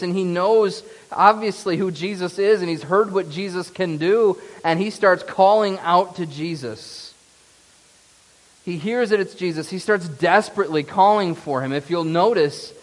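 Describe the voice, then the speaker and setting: Man, pastor, earnest sermon, fairly high voice, long echo. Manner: earnest, emphatic preaching.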